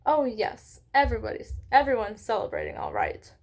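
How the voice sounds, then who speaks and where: Stern, clipped older professor, a touch high-pitched, exasperated, as a woman reader puts her on. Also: lively intonation, a little slow. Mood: impatient.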